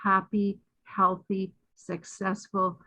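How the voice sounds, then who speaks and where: A woman from Canada speaking as a guest on a webinar, an excitable, chatty storyteller who acts out the voices of people she quotes. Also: mid-range voice, slow pace. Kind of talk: enthusiastic testimonial on a video call. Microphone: video call. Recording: muffled video call audio.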